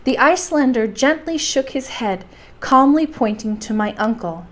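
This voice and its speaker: A woman narrating a bedtime story for a library, calm and steady. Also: high-pitched, normal speed.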